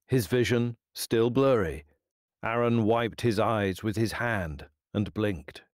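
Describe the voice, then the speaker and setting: A man narrating a dramatized children's audiobook in an expressive, unhurried way. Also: fairly low pitch, no room sound, clean studio sound.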